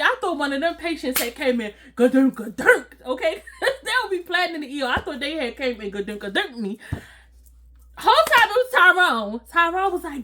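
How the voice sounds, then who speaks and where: High-voiced woman telling a story, laughing. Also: moderate pace. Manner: animated and slangy, laughing often. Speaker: storytime vlogger. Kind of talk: casual storytelling to viewers.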